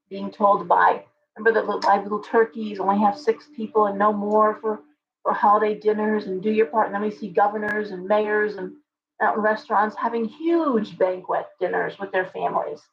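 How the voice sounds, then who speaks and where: A woman's voice: mid-range voice, fairly even intonation, moderate pace, highs cut off. A woman hosting a live stream, answering chat viewers by name in an opinionated, ranting way. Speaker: livestream host.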